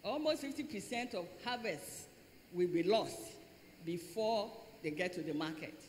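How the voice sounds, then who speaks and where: A woman's voice: medium pitch, expressive, a little slow, darkish tone. An older woman, a professor, making an earnest comment from the audience with some fillers. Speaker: professor asking a question. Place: large lecture hall. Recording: echoey hall, faint noise.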